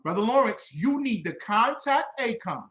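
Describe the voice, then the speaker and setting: A man's voice: very high-pitched, very animated, moderate pace. Fiery preaching man in an echoey room. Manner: combative and preachy, loud emphatic bursts. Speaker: religious teacher. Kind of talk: fiery teaching commentary.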